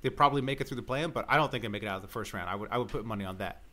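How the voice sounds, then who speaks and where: A man's voice: fairly low pitch, very fast, bright, forceful tone. A man co-hosting a basketball podcast, giving firm opinions in casual chat and laughing often. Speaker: podcast co-host.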